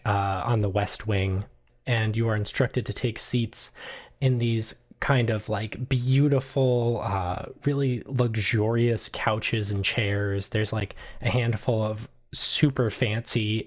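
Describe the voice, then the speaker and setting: Relaxed female game master, very low and unhurried, narrating scenes. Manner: relaxed, lots of fillers.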